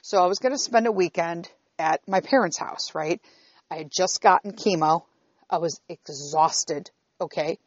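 A middle-aged woman vlogger tells a personal story bluntly, candidly, and with profanity, often checking in with her listeners. Her lowish voice moves at a moderate pace, and the recording is dry, dull, and slightly lo-fi.

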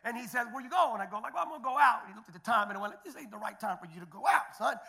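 A middle-aged male pastor delivers a sermon in a strikingly high, bright voice. He tells stories in a loose, conversational way, repeating himself and restarting, then climbs into loud, shouted declarations. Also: lively intonation, racing, gravelly. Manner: swings from quiet storytelling to loud shouted preaching.

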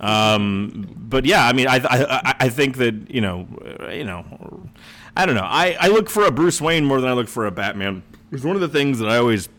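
A man in his thirties, a podcast co-host in casual chat, talking in an animated, profane way and slipping into mocking impressions. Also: mid-range voice, fairly quick.

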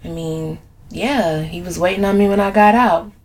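A woman's voice: lowish voice, normal speed, lightly acted. A woman voicing a brash, foul-mouthed old college friend in an audiobook, blunt and profane. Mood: hesitant. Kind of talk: audiobook character reading.

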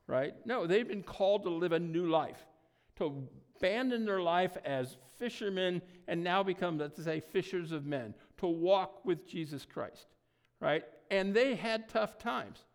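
A man preaching a sermon in a conversational way, often pausing with "um" and checking in with "right?". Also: high voice, gravelly. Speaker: pastor.

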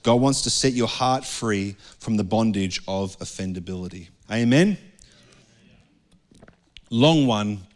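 A middle-aged man preaching a sermon in an earnest, conversational way, with some passages dropping into soft, hushed prayer. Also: lowish voice, slow pace, pauses often. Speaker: pastor.

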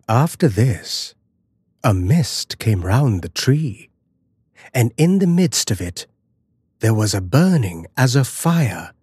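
Male narrator for a dark fairy tale, husky, unhurried, lively pitch, dry close sound. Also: no room sound. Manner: measured, dramatic storytelling.

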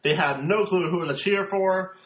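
A man's voice: sits high, moderate pace, fairly bright tone, roomy sound. A young man hosting a podcast, giving a rambling, sarcastic casual recap full of filler words. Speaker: podcast host.

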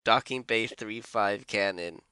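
A woman's voice: a bass voice, unhurried, pushed and bright, clean tone, no echo, clean studio sound. A woman co-hosting a podcast, chatting casually with playful, jokey asides. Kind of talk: casual chat.

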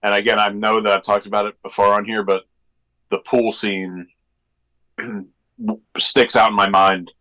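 A man's voice: lowish voice, level tone, a little slow, pauses often, sharp tone, rough recording. A man co-hosting a podcast in casual chat, rambling and digressing with lots of fillers. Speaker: podcast co-host.

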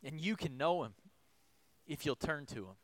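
High, animated preacher man. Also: normal speed, dry recording. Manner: animated, rhetorical questions, shifts between loud emphasis and soft asides. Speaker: pastor. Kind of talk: sermon.

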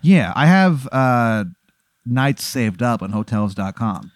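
A man hosting a podcast in casual comedic chat, playful and quick to laugh, answering as if he were inside the story. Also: medium pitch, expressive, no echo, studio quality. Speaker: podcast host, comedy club owner.

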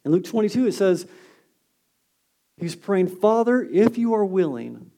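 A male pastor delivering a sermon in a high, light voice. He talks earnestly, stressing his key points with force and then sinking to a soft, hushed delivery. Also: big pitch swings, a little slow. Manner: earnest preaching, swings from emphatic to hushed.

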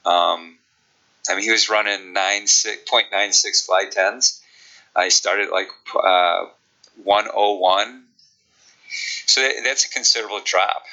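A sprint coach with a Chicago accent, explaining training in a relaxed podcast interview, with many ums. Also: male voice, fairly low pitch, slow, long pauses, lo-fi sound.

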